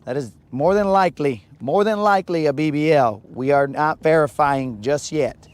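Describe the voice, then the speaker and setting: A man's voice: fairly high pitch, normal speed. A man hosting a live fishing vlog outdoors on a lake, with playful, hyped banter full of Spanish slang. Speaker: angler, channel host.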